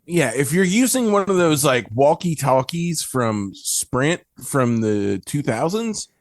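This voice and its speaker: A man's voice: fairly high pitch, very animated, slow, no echo, studio quality. A man co-hosting a podcast, throwing in teasing quips in casual chat. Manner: quipping, teasing asides. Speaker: podcast co-host.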